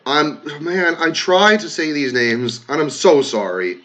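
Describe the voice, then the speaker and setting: Animated, emotional man with lively pitch. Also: a little slow. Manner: emotional, swears freely, animated swings from loud to soft. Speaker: content creator reading comments. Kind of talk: casual vlog commentary.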